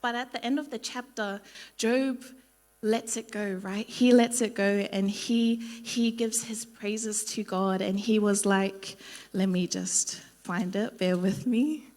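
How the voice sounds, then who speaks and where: A woman's voice: medium pitch, steady tone, takes it slowly, darkish tone. A young woman giving an informal Bible study talk at church, chatty and full of ums and likes, acting out the people she quotes. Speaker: youth speaker at church.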